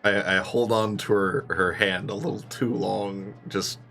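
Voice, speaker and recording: A man's voice: fairly low pitch, fairly even intonation, measured pace, creaky, fairly bright tone, soft background music. A man playing a tabletop role-playing game, goofy and laughing, swearing freely. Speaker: player. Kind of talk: in-character tabletop play.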